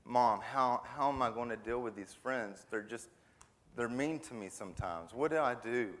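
A man's voice: medium pitch, moderate pace, fairly bright tone, lightly acted. A man voicing a young daughter asking her mother for advice about friends. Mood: worried. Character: young girl worried about mean friends. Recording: long hall reverb.

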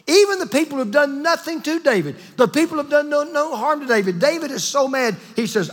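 A man preaching a sermon, telling a Bible story with lively, animated delivery and acting out the characters. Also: very high-pitched, brisk, few pauses, big-room sound. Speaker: pastor.

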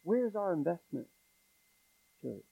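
A man's voice: high voice, very animated, takes it slowly, creaky, breathy edge. A man preaching a sermon, pressing the congregation with pleading rhetorical questions. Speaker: pastor. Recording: tinny phone-like sound.

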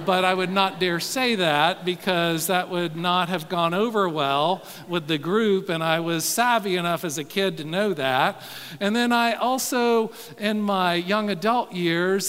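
A man preaching a sermon, telling stories in a folksy way, sometimes quiet and sometimes animated. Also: sits high. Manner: folksy, says y'all, soft-spoken then animated. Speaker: pastor. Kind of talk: sermon storytelling. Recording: long hall reverb.

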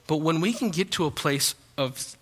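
A man's voice: on the high side, lively intonation, moderate pace, fairly bright tone. A young man preaching a sermon as pastor, talking in a conversational, joking way. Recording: long hall reverb.

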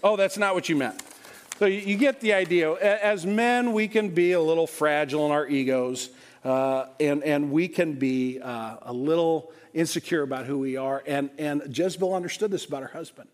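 A man's voice: fairly high pitch, moderate pace. A man preaching a sermon in a conversational, joking way, often repeating words as he restarts. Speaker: pastor.

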